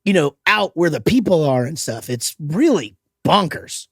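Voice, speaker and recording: A man's voice: a little high, big pitch swings, moderate pace, breathy edge, no room sound, studio quality. A man hosting a podcast, chatting casually, rambling with restarts and swearing freely. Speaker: podcast host. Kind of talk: casual chat.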